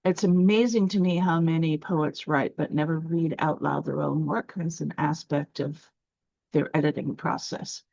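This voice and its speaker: Woman explaining poetry rhythm, lowish voice, dry dull lo-fi sound. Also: dry recording. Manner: explanatory, speaks in fits with fillers and restarts. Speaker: poetry teacher. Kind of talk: online lesson.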